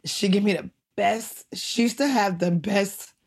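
A middle-aged woman comedian telling stories in a casual interview, animated and laughing, acting out voices in her anecdotes. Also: medium pitch, a little slow, vocal fry, breathy edge. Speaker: comedian and guest.

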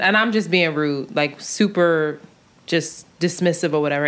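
Woman on a podcast telling a story, animated, laughing, mid pitch. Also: a little fast. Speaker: podcast guest. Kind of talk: casual chat.

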